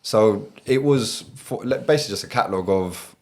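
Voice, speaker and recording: A man's voice: on the low side, brisk. Chatty man telling his story. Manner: chatty, storytelling, frequent fillers. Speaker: guest, gas engineer. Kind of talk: casual podcast chat.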